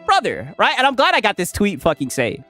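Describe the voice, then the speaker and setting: A man streaming reactions in loud, excitable, teasing chat, swearing a lot. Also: high voice, brisk, faint music behind.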